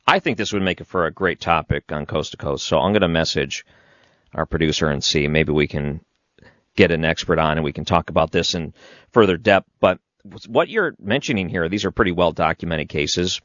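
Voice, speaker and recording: A man's voice: low-pitched, fairly quick, a bit bright, no room sound, highs cut off. A man hosting a late-night call-in radio show, thinking aloud and steering callers along. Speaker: radio talk show host.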